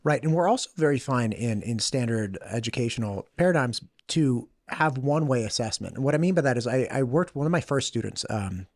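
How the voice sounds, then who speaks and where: Male podcast host in his thirties, casual and animated, acts out quotes, dry close mic. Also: medium pitch, fairly quick, few pauses, dry recording.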